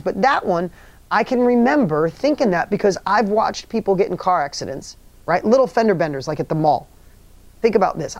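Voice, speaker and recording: Speaking in a high-pitched voice with a darkish tone, this man runs a motivational workshop. His storytelling is emphatic, he keeps repeating key phrases, and he asks his listeners rhetorical questions; there's no echo.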